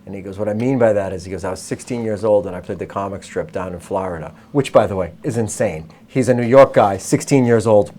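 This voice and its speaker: A man in casual chat, retelling a story with lively quoted voices. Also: on the low side, fast talker, few pauses. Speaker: host.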